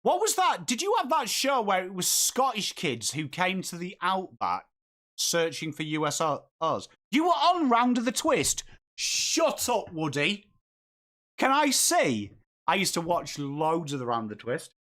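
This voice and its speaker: A man's voice: high voice, huge pitch swings, unhurried, fairly bright tone. An English man hosts a live football watchalong stream. He chats casually and answers viewers' comments while reacting to the game. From England. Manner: chatty, reads and answers viewer comments while calling the play. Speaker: host of a live footy watchalong.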